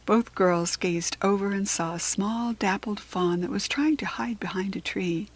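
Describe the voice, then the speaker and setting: An American woman reads a children's storybook aloud, clear and expressive. Her voice is a little husky and breathy, at an ordinary pitch. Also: a little slow. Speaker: children's book reader.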